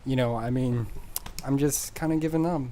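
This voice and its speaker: A man rambling through casual game commentary in a sarcastic, deadpan joking manner, recorded on a desk mic as a voice-over. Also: medium pitch, normal speed, slight background noise. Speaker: gameplay commentator.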